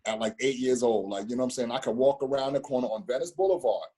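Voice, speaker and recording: Middle-aged storyteller, fifties, husky and dark-toned, loose rambling delivery full of slang and restarts. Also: male voice, mid-range voice, quick pace. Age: 50s. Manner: rambling, repeats words, street slang. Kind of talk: casual storytelling conversation.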